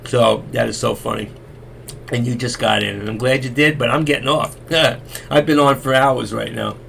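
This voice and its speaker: A middle-aged man hosts a live stream and rambles through folksy stories in a gravelly voice that is wearing thin and hoarse. He talks at an everyday pitch, repeats himself, and there is a faint hiss behind him. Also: fairly even intonation, normal speed, a bit bright. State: losing his voice. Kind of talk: rambling casual storytelling.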